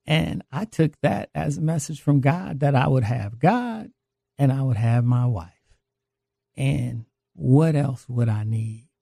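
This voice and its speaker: Slow, gravelly man giving a testimony. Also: mid-range voice, expressive, dark tone, no room sound, studio quality. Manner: earnest, confessional storytelling. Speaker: guest sharing a recovery testimony. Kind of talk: personal faith testimony.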